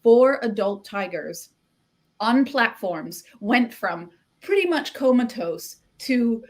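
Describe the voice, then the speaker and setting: Lively woman author telling a story. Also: a little high, slow. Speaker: author guest. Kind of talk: animated anecdote telling.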